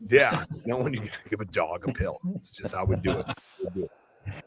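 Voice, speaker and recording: A man hosting a live podcast in casual chat, rambling and excitable, dropping the odd swear word. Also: lowish voice, fast talker, a crowd in the background. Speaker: podcast host.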